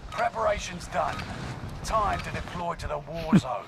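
Gravelly military radio announcer. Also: male voice, fairly high pitch, normal speed, background noise. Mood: terse. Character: curt adult male military radio announcer. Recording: game audio under loud gunfire.

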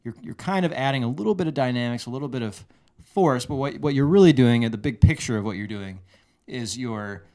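A man teaching a guitar lesson, explaining a lick step by step in a measured way, often restarting his phrases. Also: mid-range voice, darkish tone. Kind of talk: relaxed instructional explanation. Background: guitar playing.

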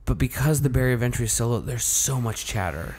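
This podcast co-host talks fast in a mid-range, slightly mellow voice with a breathy edge and lively intonation. He chats casually, tossing out blunt opinions and jokes.

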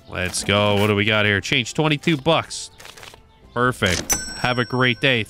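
A gaming YouTuber does playful let's-play commentary on a shop game, chatting with customers like a cheery shopkeeper. His mid-range voice is animated at a moderate pace, with music in the background.

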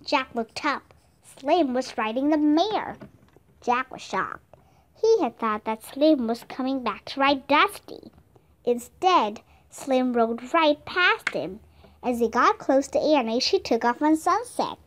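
A woman reading a children's chapter book aloud as a steady, careful narrator. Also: sits high, slow pace. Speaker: storybook reader. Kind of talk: scripted narration.

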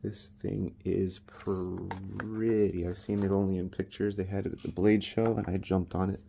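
A man's voice: sits low, little pitch movement, measured pace, gravelly, dark tone, slight background noise. A man casually reviewing his knives in a laid-back, rambling, self-deprecating way. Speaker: knife reviewer.

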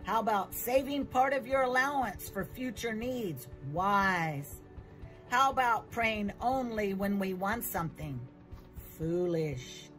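A woman giving a children's Bible lesson as a church teacher, telling the story with slow emphasis. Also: medium pitch, expressive, fairly bright tone, soft background music, poor audio.

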